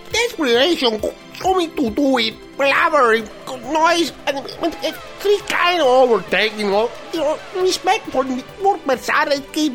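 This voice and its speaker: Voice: high voice, fairly bright tone, exaggerated voice. A performer playing a young male racing driver who babbles garbled nonsense.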